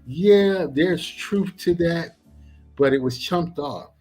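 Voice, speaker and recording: A middle-aged man and former police officer, a guest on a talk show, explaining in an animated, preachy way with many examples. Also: fairly high pitch, slow pace, soft background music. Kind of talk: casual talk show discussion.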